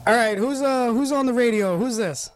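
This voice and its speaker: A man hosting a casual talk show from a studio mic, joking and quick to laugh. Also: very high-pitched, slight background noise. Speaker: radio show host.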